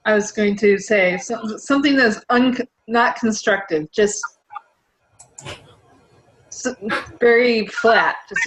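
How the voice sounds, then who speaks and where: A woman's voice: mid-range voice, slow pace, pauses often, a little hiss or hum, poor audio. A woman answering a question in a group session as a participant, hesitant and breaking off her words. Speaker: workshop participant.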